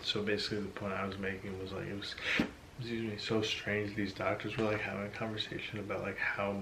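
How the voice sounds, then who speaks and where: A young man at home casually telling his side of a birth story, animated and acting out what others said. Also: lowish voice, quick pace, heavy background noise. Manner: animated, acts out quotes, says like a lot. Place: home at night.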